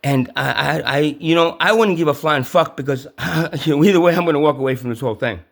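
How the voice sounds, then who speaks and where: A man rants straight at his listeners, stumbling over repeated words and swearing heavily. His voice sits fairly high for a man, and he often breaks into yelling. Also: fairly quick, vocal fry. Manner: stammering repetitions, heavy swearing, yelling. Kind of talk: profane ranting monologue.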